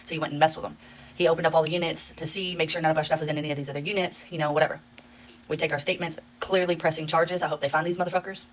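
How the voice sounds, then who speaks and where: Woman vlogger with a low voice, talking fast and swearing freely; casual phone-recorded storytime. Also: fairly even intonation, slight background noise, rough recording. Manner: rapid, profanity-laced, exasperated retelling. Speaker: social media creator.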